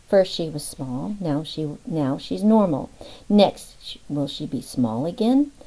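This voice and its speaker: A woman narrating an audiobook in a measured, expressive way. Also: fairly low pitch, low-quality recording. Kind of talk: scripted narration.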